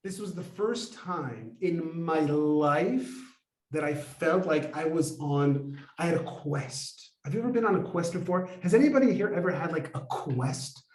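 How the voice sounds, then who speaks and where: A man tells a personal story to a live audience and acts out the dialogue with animation. He speaks a little high for a man and asks the audience questions. His voice rings in a roomy, echoing space. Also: expressive, measured pace, darkish tone. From United States. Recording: roomy echo.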